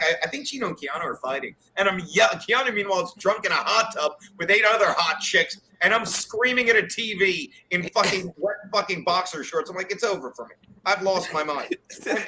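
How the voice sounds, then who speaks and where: A man guest on a casual podcast, rambling and swearing, getting loud when worked up, calling in remotely from home. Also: high-pitched, low-quality recording. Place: at home, says he is in the shower.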